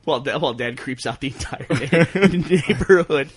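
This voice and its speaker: Male podcast regular, husky, teasing banter. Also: fairly high pitch, moderate pace, dry recording. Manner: teasing, needling. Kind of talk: casual podcast chat.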